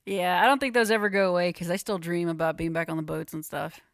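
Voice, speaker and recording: A woman's voice: lowish voice, fairly even intonation, fast, no echo. Candid woman host in a dry room. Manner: candid, conversational, swears casually. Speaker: podcast host, veteran. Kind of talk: casual interview conversation.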